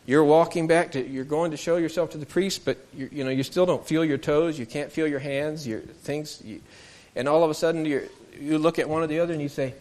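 A man's voice: a little high, fairly even intonation, brisk, a little mellow. A man telling a Bible story to children, asking them questions and acting out the voices in the story.

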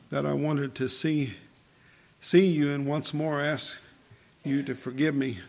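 Soft hushed dying son, a bit high with a gravelly edge, as a preacher puts him on. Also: male voice. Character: dying young man, repentant and tender.

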